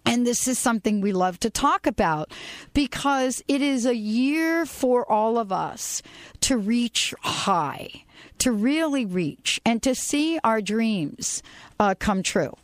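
A woman's voice: fairly high pitch, animated, slow, no echo. Chatty woman radio talk host. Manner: chatty, rambling, enthusiastic.

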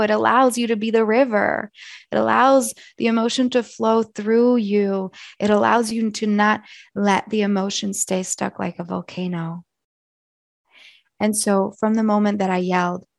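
Woman, hoarse, gravelly, soft and earnest, reflective monologue, dry close sound. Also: medium pitch, no echo. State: hoarse from yelling. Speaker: wellness coach.

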